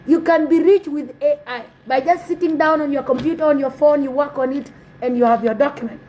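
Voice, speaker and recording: A woman's voice: sits high, steady tone, fairly quick, darkish tone, slight background noise, low-quality recording. A woman giving earnest, repetitive commentary that urges her listeners. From South Sudan. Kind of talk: impassioned commentary.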